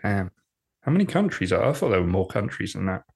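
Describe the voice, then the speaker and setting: A man co-hosting a podcast in casual chat, rambling, repeating himself and quick to joke. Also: fairly low pitch, big pitch swings, creaky, a little mellow, breathy edge. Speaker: podcast co-host.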